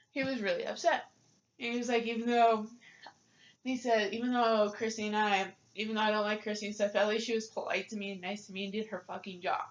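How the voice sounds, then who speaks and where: A woman's voice: medium pitch, lo-fi sound. A young woman ranting to camera about her job, frustrated and swearing, with many filler ums. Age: young adult. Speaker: vlogger. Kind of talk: casual rant to camera.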